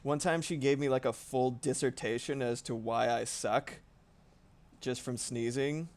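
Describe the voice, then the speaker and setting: A man's voice: medium pitch, fairly even intonation, unhurried, a little mellow. A man streaming casually while drawing, rambling and swearing freely with frequent laughs.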